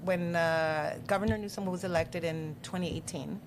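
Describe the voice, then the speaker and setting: A middle-aged woman, a politician and podcast guest, telling stories in a lively, casual way and putting on voices for the people she quotes. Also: lowish voice, normal speed, noisy background. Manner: animated, acts out quoted voices. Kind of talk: casual storytelling.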